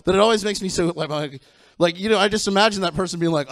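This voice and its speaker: A man's voice: high voice, fast, fairly bright tone, dry recording. Campy self-deprecating male stand-up comic. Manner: campy, self-deprecating, punchy delivery with frequent giggles. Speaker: stand-up comedian. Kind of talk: stand-up comedy set. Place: comedy theatre stage.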